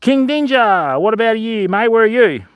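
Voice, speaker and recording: An Australian man livestreaming from a riverbank outdoors, giving excitable commentary and calling his viewers fam and mate. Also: sits high, normal speed, clean tone, dry recording, muffled recording. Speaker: fishing livestreamer. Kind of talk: live commentary to stream chat.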